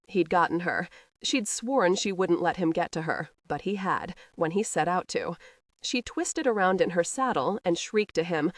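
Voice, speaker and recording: A woman narrating a romance audiobook in a measured storytelling manner. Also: lowish voice, animated, dry recording, studio quality.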